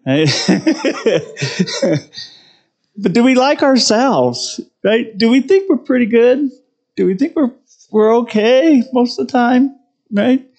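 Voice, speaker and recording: A man's voice: very high-pitched, lively intonation, slow, pauses often, a little mellow. A middle-aged man preaching a conversational sermon, poking fun at himself and often asking "right?". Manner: conversational, self-deprecating, tags lines with "right?". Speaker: pastor.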